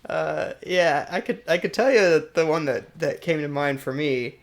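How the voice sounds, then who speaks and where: A man's voice: on the high side, moderate pace, creaky. A man co-hosting a podcast in casual chat, laughing often and tossing in joking asides. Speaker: podcast co-host.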